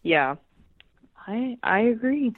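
A woman's voice: on the high side, no echo. A young woman co-hosting a podcast, chatting casually and chiming in with agreement. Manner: lively, quick to agree and chime in. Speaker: podcast co-host. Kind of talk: casual chat recapping a reality show. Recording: dry, tinny phone-like line.

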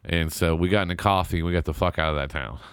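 Low-voiced man telling casual stories. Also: quick pace, fairly bright tone, smooth, dry recording, clean studio sound. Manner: storytelling, acts out voices of people he quotes. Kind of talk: casual chat.

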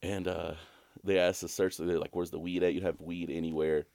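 Young man, very low voice, loose sweary storyteller, dry close mic. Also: fairly quick, no echo. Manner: rambling, animated, swears a lot, jumps to a high voice when quoting himself. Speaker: podcast co-host. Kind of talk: casual storytelling chat.

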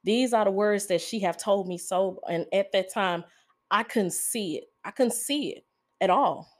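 A woman hosting a podcast, speaking in a confessional monologue, halting and emotional, pausing often and holding back tears. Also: mid-range voice. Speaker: podcast host.

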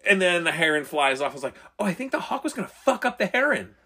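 A man's voice: high voice, very animated, fast talker, pushed and bright, slightly rough. A middle-aged man telling stories in casual banter, swearing constantly and acting out his own reactions.

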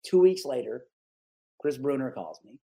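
A man in his forties from the Capital Region of New York, a guest telling stories in a casual, animated interview. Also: medium pitch, moderate pace, vocal fry. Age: 40s. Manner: animated, lively storyteller who acts out the people he quotes.

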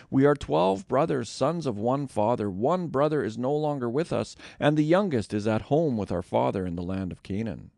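A man's voice: medium pitch, gravelly, darkish tone, dry recording, studio quality, voice pushed up. A man reading the lines of a group of frightened brothers in a scripture reading, with an anxious, explaining delivery.

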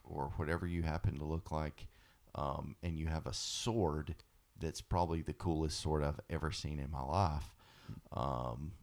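Laid-back male co-host with a very low voice, wry asides. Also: moderate pace, a little mellow. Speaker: podcast co-host. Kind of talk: casual chat.

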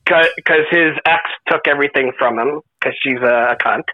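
A man's voice: medium pitch, moderate pace, highs cut off. A man with a Canadian accent, a podcast guest chatting casually with lots of hesitant fillers. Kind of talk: casual chat.

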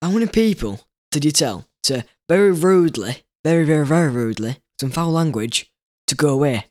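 A young man, co-hosting with his father and teasing him in a deadpan way with short answers. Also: on the high side, fairly quick, no echo, clean studio sound. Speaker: host's son, co-host.

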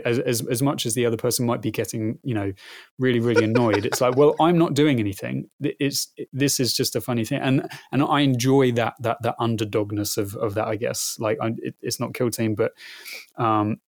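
A man's voice: medium pitch, steady tone, fairly quick, dry recording, studio quality. A man in his thirties, a podcast guest chatting casually, often stalling and repeating words while he gathers his thoughts. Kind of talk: casual conversation.

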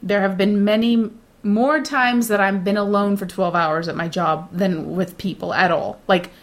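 A middle-aged woman talks in a relaxed, blunt way, sure of herself and unbothered. When she quotes nervous coworkers, she slips into mocking put-on voices. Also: mid-range voice, a little slow. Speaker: data center shift supervisor. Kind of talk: casual chat.

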